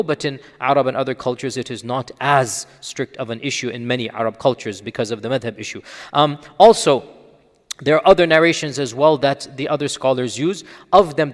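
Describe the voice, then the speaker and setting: A man's voice: mid-range voice, long reverb tail. A man, an Islamic scholar, giving an explanatory lecture, teaching earnestly and often asking rhetorical questions and checking in with listeners.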